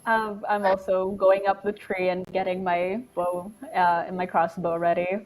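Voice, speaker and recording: A woman's voice: fairly low pitch, level tone, unhurried, darkish tone, rough recording. A woman playing a tabletop game who speaks in a casual, blunt way. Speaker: player.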